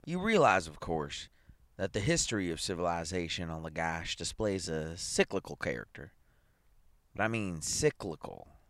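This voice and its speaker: A chirpy, talkative psychologist, eager to explain things, as a man reads him. His deep, dry voice rises and swings a great deal as he chatters. It plays like a storybook character. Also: sing-song, moderate pace, fairly bright tone, no echo, exaggerated voice. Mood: chatty. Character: chatty, eager middle-aged male psychologist.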